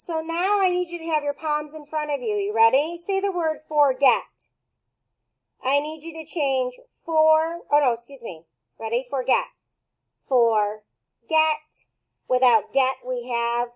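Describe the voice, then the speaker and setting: A woman teacher leading a phonics lesson for young children, speaking in slow, clearly enunciated word drills with a cheerful, encouraging tone. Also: high-pitched, rough recording.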